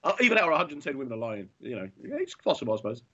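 A man's voice: medium pitch, big pitch swings, racing, sharp tone. A man co-hosting a podcast, joking and chatting in a loose, laughing way. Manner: jokey, laughing, chatty, puts on voices in anecdotes. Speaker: podcast co-host. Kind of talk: casual banter. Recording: dull lo-fi recording.

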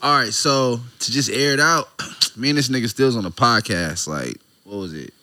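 A man's voice: medium pitch, animated, normal speed, sharp tone, no room sound. A man co-hosting a podcast in loose, joking casual chat, laughing often. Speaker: podcast co-host.

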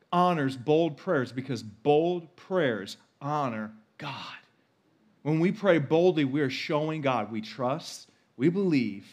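Emphatic preaching man, fairly high voice. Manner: emphatic, repeats key phrases. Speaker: pastor. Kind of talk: sermon.

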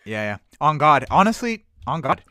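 Emphatic, animated podcast host guy. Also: a little high, moderate pace. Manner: animated, emphatic, repeats phrases. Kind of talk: casual podcast chat.

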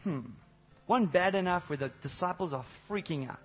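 A man preaching a sermon to a congregation, animated, swinging between loud exclamations and low intimate asides, with many rhetorical questions. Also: moderate pace, breathy edge, muffled recording, soft background music. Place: church service before a congregation.

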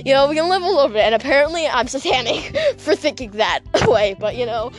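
A woman's voice: high voice, expressive, a little fast, few pauses, soft background music. Giggly rambling woman telling a story. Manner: rambling, giggly, full of fillers like "like". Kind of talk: casual vlog storytelling. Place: outdoors at night.

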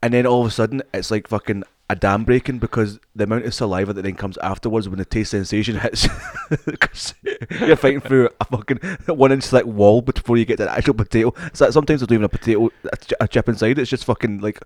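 A man's voice: on the low side, fast, hardly any pauses, darkish tone, no echo, clean studio sound. A young man co-hosting a podcast, rambling in casual chat, swearing constantly and laughing a lot. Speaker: podcast co-host.

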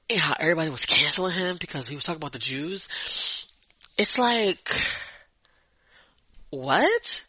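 A young woman ranting in a loose, profane monologue on her own podcast. Her voice is bright and bouncy, with pitch that rises and dips a lot, and it is recorded close and dry with no room sound. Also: husky, no echo. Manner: profane, blunt and rambling with frequent laughs. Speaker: podcast host.

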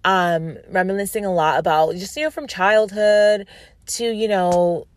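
A woman's voice: mid-range voice, fairly even intonation, a little slow, no echo. A woman in her thirties from upstate New York hosting a casual solo podcast, chatty and self-mocking, laughing often and leaning on fillers. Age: 30s. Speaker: podcast host.

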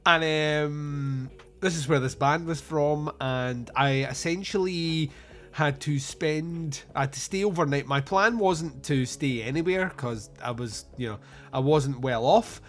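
A man's voice: fairly high pitch, a little slow. A Scottish man from Scotland chatting casually about films, rambling through anecdotes and swearing freely.

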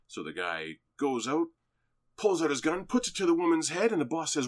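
A man in a casual chat, excitedly and profanely retelling the opening of a film. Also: mid-range voice, moderate pace. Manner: animated, excitable, profane storytelling.

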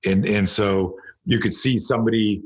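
A man with a deep, husky voice who is a podcast guest. He talks things through thoughtfully in a relaxed, conversational way and builds his points with examples. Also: normal speed, rough recording. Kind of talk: casual conversational interview.

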